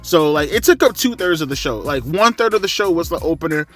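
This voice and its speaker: Guy ranting loose and sweary, kinda tired and winded, a bit high pitched. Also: animated, quick pace, a bit bright, soft background music. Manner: blunt, profane, rambling. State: tired, slightly out of breath. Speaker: wrestling commentary vlogger. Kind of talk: casual spoken review.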